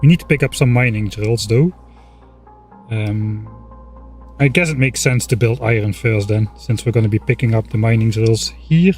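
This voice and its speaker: A man streaming a game and thinking aloud in a casual, relaxed way, often pausing with filler words. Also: lowish voice, faint music behind. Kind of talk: casual gameplay commentary.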